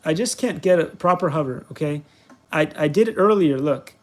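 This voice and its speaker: A product reviewer hosts his vlog while flying a toy, rambling in a playful, self-mocking way as casual commentary. His fairly high voice moves briskly with lively intonation.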